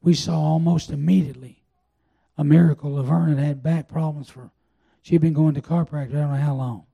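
An older man preaching a sermon, telling a personal testimony in a folksy, drawn-out way. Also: a little high, fairly even intonation, creaky, slightly rough, lo-fi sound. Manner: folksy storytelling, drawn-out pauses. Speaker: pastor.

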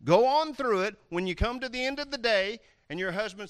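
A male preacher giving a lively, playful sermon, swinging from loud outbursts to quiet asides. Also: sits high, a little fast, no echo, clean studio sound. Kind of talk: animated sermon.

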